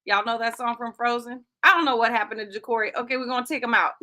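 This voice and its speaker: A woman's voice: fairly high pitch, normal speed, sharp tone. A woman hosting a live radio talk show, playful and joking, laughing often. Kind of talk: lively casual live-stream chat.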